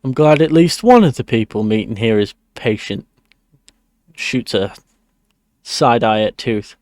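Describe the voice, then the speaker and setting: A man acting as game master, narrating and voicing characters in a measured way. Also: medium pitch, lively intonation, darkish tone, no echo, clean studio sound.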